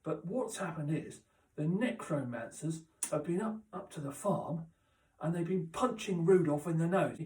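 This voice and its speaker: A man doing a rambling, deadpan comic monologue, halting and full of restarts and asides. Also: fairly high pitch. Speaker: comic character host. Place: chilly indoor room. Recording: roomy echo, mic at a distance.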